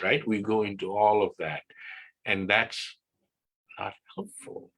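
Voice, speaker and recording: An older man talks on a video call in a relaxed, casual presentation, often pausing for "right?". His voice is bright and on the lower side. He speaks slowly and unhurriedly. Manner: relaxed teaching talk with frequent "right?" checks. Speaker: wellness guest speaker. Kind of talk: casual presentation on an online class.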